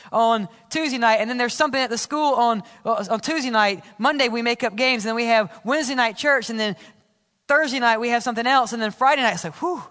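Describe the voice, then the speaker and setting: A middle-aged man preaching a sermon as pastor, building intensity and then dropping to soft, low tones on key lines. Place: church sanctuary. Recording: reverberant church sanctuary.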